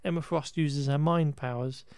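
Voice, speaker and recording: A man's voice: a little high, fairly even intonation, moderate pace, gravelly, darkish tone, clean tone, dry recording, studio quality. A man co-hosting a podcast, chatting casually through a film recap with frequent restarts and laughter. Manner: rambling, self-correcting, laughs often. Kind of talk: casual chat.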